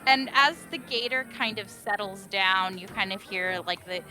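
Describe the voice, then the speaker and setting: A woman's voice: medium pitch, sharp tone, faint music behind. A woman narrating a tabletop game as game master, with many ums and uhs. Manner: halting, full of ums and uhs.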